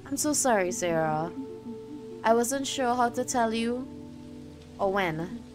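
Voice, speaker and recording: A woman reading the lines of a quiet, firm young pregnant woman in a game, soft and apologetic. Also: fairly high pitch, animated, takes it slowly. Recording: game music behind.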